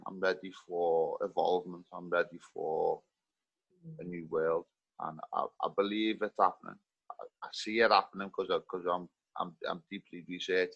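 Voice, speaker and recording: Man with a liverpool accent, deep voice, halting and earnest, dull lo-fi video call audio. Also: pushed and bright, dry recording. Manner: halting, earnest, many restarts. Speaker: community participant. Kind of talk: casual group video call.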